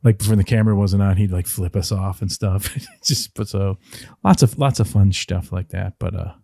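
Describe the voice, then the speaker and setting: A middle-aged man from the Detroit area, a podcast guest, telling rambling, animated stories and slipping into playful voice impressions. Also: deep voice, normal speed, vocal fry, no room sound. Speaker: podcast guest, former wrestling writer. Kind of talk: casual interview storytelling.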